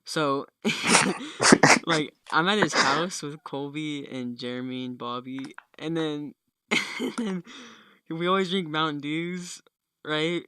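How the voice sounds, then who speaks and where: Teen boy, excitable, laughing, slightly high voice. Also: slow, clear, resonant tone, dry recording. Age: teens. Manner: excitable, laughs between words. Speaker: podcast co-host. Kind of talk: casual chat.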